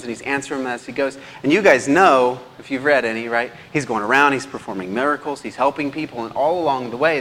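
The man's voice sits in the mid-range and is a bit bright as he, a teacher, gives an informal slide presentation. He stays chatty, often checking in with those listening, against long hall reverb and faint background noise.

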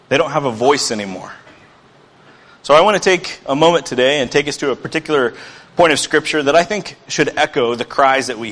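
A man's voice: medium pitch, a bit bright, in a large hall. A man preaching a sermon as pastor, earnest and building to emphatic bursts.

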